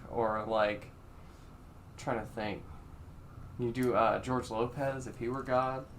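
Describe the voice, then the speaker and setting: A man's voice: medium pitch, level tone, slow pace, slight background noise. A man hosting a podcast, chatting casually and thinking aloud with lots of fillers and restarts. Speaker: podcast host. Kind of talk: casual chat.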